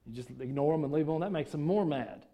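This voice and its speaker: Preacher guy, kinda high voice but mellow, folksy, keeps asking the church questions. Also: fast talker. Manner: folksy, rhetorical questions, jokes with congregation. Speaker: pastor. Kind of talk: sermon.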